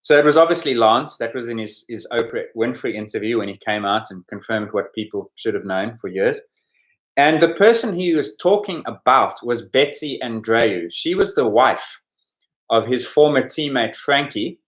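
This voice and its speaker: A man hosts a sports quiz podcast at a mid-range pitch. He goes over the answers in a relaxed, explanatory way and adds chatty asides. He talks like a quizmaster at a podcast microphone. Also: normal speed. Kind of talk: casual quiz commentary.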